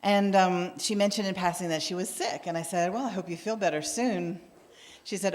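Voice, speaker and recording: A woman minister tells a story from the pulpit, bringing the people she quotes to life in their own voices. Her voice sits on the low side, and a long reverb from the church sanctuary trails after her words. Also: fairly quick. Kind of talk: sermon with storytelling.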